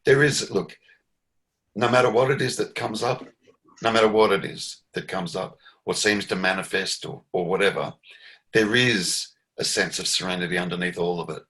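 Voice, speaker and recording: Aussie guy leading satsang, bright sharp voice, chuckles a lot, leans hard on the point. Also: low voice, moderate pace. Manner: reflective, laughs often, emphatic when pressing a point. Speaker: spiritual teacher. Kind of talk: satsang dialogue.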